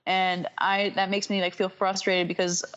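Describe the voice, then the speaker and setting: Podcast guest: woman with a North Carolina Southern accent, casual and halting, mid-range voice. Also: mid-range voice, flat delivery, a bit bright, dull audio. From North Carolina, USA. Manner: rambling and halting, full of "like" and "um".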